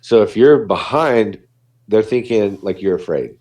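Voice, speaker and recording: A man's voice: lowish voice, lively intonation, measured pace, darkish tone. A man, a dog behaviorist, talking casually on a podcast and acting out what dogs and people say.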